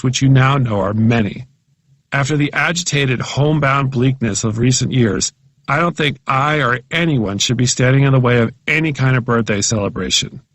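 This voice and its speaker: A man narrates comic essays for an audiobook with a wry, self-mocking, chatty delivery. His voice sits at an ordinary middle pitch. The recording is close and dry, with no room sound. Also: a bit bright, no echo.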